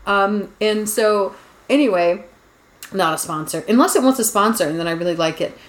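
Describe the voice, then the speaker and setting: Woman, podcast host, casual and rambling, mid pitch, echoey room. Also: moderate pace. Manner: rambling, chatty storyteller with frequent "like"s. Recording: roomy echo.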